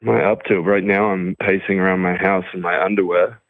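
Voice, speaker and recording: Deep-voiced man with a mixed English-American accent, on the phone. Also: level tone, brisk, no echo. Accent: English-American mix often taken for Australian. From half English, half American. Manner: dry, self-mocking. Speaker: comedian guest calling in. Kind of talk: casual chat. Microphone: phone call. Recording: tinny phone line.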